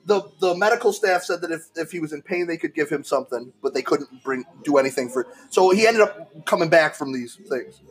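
A man's voice: fairly high pitch, fairly quick, hardly any pauses. A man co-hosting a casual podcast, reading out strange news stories and acting out the quotes with lots of laughter. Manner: animated storyteller, laughs often, acts out quotes. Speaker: podcast co-host.

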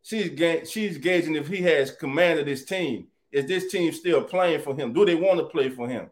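A man hosting a casual live sports chat, animated and greeting viewers by name. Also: a little high, normal speed, hardly any pauses. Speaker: sports talk show host.

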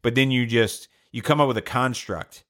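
A man's voice: medium pitch, moderate pace, a bit bright. A man hosting a podcast, telling a long joke in a casual, hesitant, rambling way. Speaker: podcast host.

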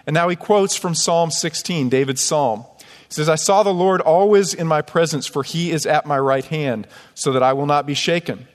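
A man's voice: fairly high pitch, moderate pace. A man preaching a sermon as pastor, emphatic, reading scripture aloud between his own points. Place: church sanctuary. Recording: long church hall reverb.

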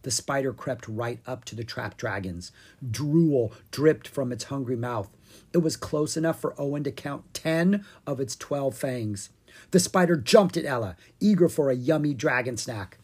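An animated reader telling a children's story, the pitch rising and falling a lot. The voice has a soft husky grain and an average middle pitch. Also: a little slow. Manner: animated, expressive. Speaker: audiobook reader. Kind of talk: storybook narration.

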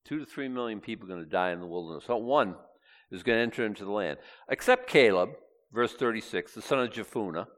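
Guy preaching a sermon, voice jumps all over, gets loud then drops way down. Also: lowish voice, fast talker. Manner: animated, swings from loud to hushed, reads scripture aloud.

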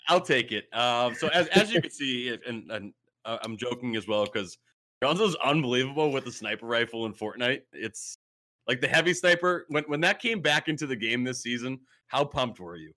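A man's voice: mid-range voice, lively intonation, normal speed, pushed and bright. A man hosting a gaming podcast, talking hype and slangy and often repeating himself. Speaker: podcast host. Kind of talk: energetic gaming podcast intro.

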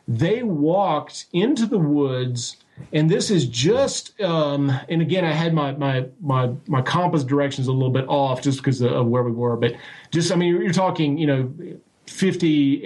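A man telling a story as an interview guest, animated and full of restarts and acted-out quotes. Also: on the high side. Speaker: guest recounting a sighting. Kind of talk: casual storytelling.

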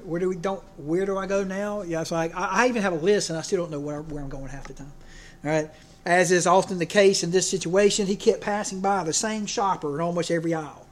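A man preaching a folksy sermon, joking and often restarting his sentences. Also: sits high. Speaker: pastor.

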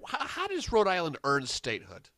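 A man co-hosting a casual podcast chat, throwing out deadpan wisecracks. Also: high-pitched, moderate pace, a little hiss or hum. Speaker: podcast co-host.

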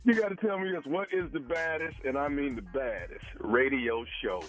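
A man's voice: a little high, normal speed, soft background music. A man making a prank phone call on a radio show, persistent and pleading, repeating himself. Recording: tinny phone line, dry.

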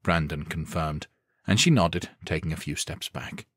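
A male audiobook narrator with a very deep voice, reading in a steady, measured storytelling manner. The recording is close and dry, with no room sound. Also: breathy edge, no room sound. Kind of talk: scripted narration.

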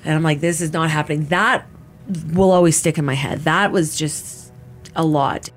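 A woman's voice: deep voice, steady tone, faint music behind. Hesitant woman in her thirties. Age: 30s. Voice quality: halting, searching for words, many restarts. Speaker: interviewee. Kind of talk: candid personal testimony.

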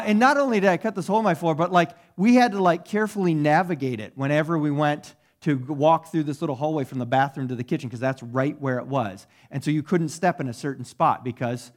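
A man's voice: a little high, a little fast. A middle-aged pastor telling a self-deprecating personal story in a sermon to his congregation, conversational and often asking them "right?".

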